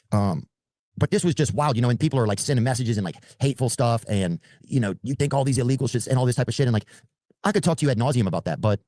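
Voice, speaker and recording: A man rattles off a story at high speed, rambling with fillers and casual swearing. His voice is low and dark, the sound dry and close. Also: no echo.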